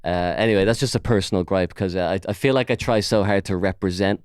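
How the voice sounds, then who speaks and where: A man's voice: sits low, fast, darkish tone, clear, resonant tone, dry recording, clean studio sound. A man with an Irish accent hosting a casual podcast chat, sweary and mocking as he rambles. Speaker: podcast host.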